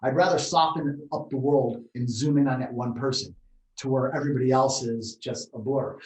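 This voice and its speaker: A man co-hosting a martial arts talk show, telling rambling, animated stories in casual chat. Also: mid-range voice, far from the mic. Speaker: martial arts podcast co-host. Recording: roomy, set back from the mic.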